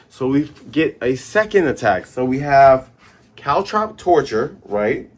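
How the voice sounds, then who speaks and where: Host, man, husky voice, lively comic recap, sound effects on the fly. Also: medium pitch, unhurried. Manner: animated, doing sound effects and character voices.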